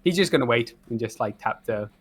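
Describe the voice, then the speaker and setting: Man playing in a tabletop game, lively pitch. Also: brisk, slightly rough. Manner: casual, hesitant, laughing between lines. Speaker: player. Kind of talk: tabletop role-play, playing a character.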